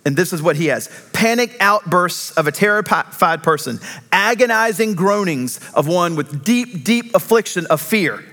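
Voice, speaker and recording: A man preaching a sermon in an earnest, emphatic way, slowing down on key phrases. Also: high voice, animated, sharp tone. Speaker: pastor.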